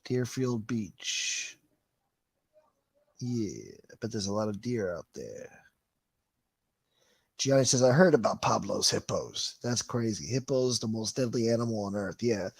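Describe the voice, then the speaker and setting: A man's voice: medium pitch, expressive, a little slow, darkish tone, husky, no room sound. A man hosting a casual livestream, reading viewer comments and ranting in a profane, sarcastic way. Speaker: livestream host.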